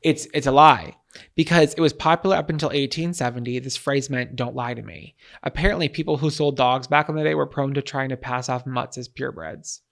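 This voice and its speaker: A man's voice: mid-range voice, steady tone, a little fast, gravelly, a bit bright. A young adult man co-hosting a podcast, chatting playfully and casually with lots of fillers. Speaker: podcast co-host. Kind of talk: casual comedic chat.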